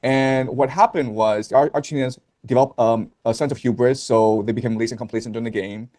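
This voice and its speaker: Man, stream guest, mellow dark tone, mid pitch, measured, frequent ums. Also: steady tone. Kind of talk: casual chat.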